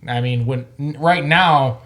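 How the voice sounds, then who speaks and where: A man's voice: on the high side, unhurried. Blunt, profane male podcast co-host. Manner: blunt, profane, gets animated. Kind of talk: casual sports chat.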